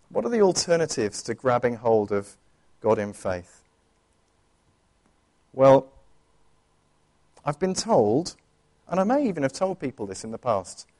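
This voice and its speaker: In church, a pastor with a slightly high, a little mellow voice delivers a sermon. He's earnest and conversational, frequently starting his sentences over.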